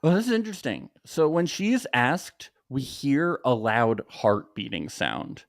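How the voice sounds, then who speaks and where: A man's voice: mid-range voice, a little slow, vocal fry, no room sound, studio quality. A man co-hosting a podcast, chatting casually and joking as he recaps a show. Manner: jokey, animated, laughs often. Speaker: podcast co-host.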